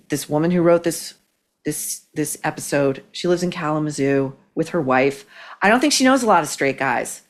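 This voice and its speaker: A woman host with a slightly low voice delivers biting commentary. She talks in a rush of opinion, restarting sentences as her thoughts race ahead. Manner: scathing, fast-flowing, with many restarts.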